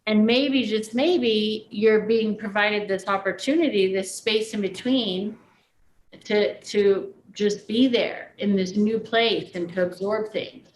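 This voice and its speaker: A woman's voice: medium pitch, slow, slight background noise, poor audio. A woman leading a class, talking through a spiritual coaching idea in an earnest, reflective way with many "like"s. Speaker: class leader.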